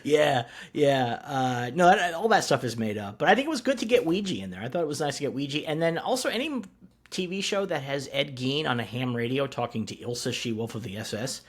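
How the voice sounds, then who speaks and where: A man's voice: medium pitch, brisk. A man co-hosting a podcast, chatting casually and analytically about a TV show. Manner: animated and analytical, with frequent laughs. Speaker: podcast co-host.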